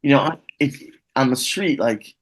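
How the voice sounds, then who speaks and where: A middle-aged man tells stories as an interview guest, lively and animated, slipping into other people's voices as he goes. His voice sits at a middle pitch. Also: normal speed. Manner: animated anecdotes, acts out voices. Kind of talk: casual interview storytelling.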